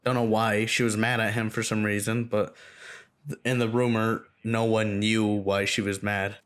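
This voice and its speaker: A man's voice: fairly low pitch, flat delivery, moderate pace, a bit bright. A young man telling a story from his school days in a casual, rambling, profane way, full of fillers like "like". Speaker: storytime vlogger.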